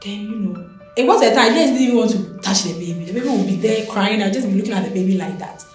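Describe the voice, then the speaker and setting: A young woman with a Ghanaian accent telling a personal story as an interview guest, animated and expressive. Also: medium pitch, fast, heavy reverb, soft background music. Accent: Ghanaian English.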